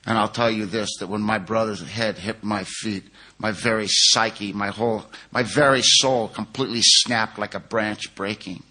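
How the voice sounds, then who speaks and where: A man's voice: fairly low pitch, fairly even intonation, moderate pace, sharp tone. A middle-aged man from California telling his personal recovery story to a conference audience, earnest and conversational, with frequent "you know.".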